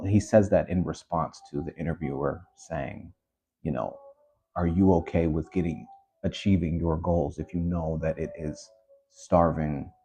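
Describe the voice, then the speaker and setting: Low husky man ranting on a podcast. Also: mellow. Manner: ranting, heated, many restarts and asides. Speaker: podcast host. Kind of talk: casual commentary monologue.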